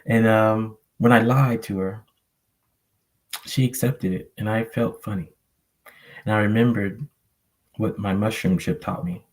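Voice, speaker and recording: A man's voice: on the low side, steady tone, unhurried, pauses often, poor audio. A man telling a personal story on a live panel, reflective and rambling with many fillers. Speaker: panel guest. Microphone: online call microphone.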